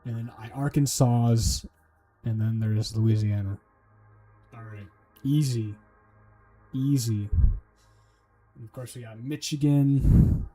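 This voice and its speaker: Mellow-voiced man muttering through study. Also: mid-range voice, slow, pauses often, husky, soft background music. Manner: muttering to himself, swearing, joking mnemonics. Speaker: streamer. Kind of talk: casual livestream study talk.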